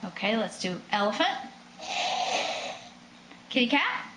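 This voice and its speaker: A woman's voice: on the high side, sing-song, a little slow, echoey room, background noise. A mother patiently coaxing her toddler in a home video, with sing-song prompts.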